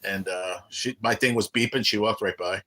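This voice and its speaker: On a casual livestream recorded via phone or webcam, a middle-aged man undergoing cancer treatment tells blunt, profane stories and reads chat aloud. His voice sits on the low side with fairly even intonation, a moderate pace, and a sharp tone.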